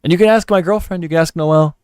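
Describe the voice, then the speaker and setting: A man's voice: fairly high pitch, quick pace, darkish tone, clean tone, no echo, studio quality. A man hosting a livestream, telling stories and giving blunt advice in a rambling, profane, offhand way. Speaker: livestream host. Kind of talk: casual livestream chat.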